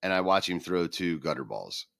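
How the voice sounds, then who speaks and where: With a low-pitched voice and some vocal fry, this middle-aged man co-hosts a casual podcast at normal speed. He is an animated storyteller who performs the voices he quotes, recorded dry in studio quality.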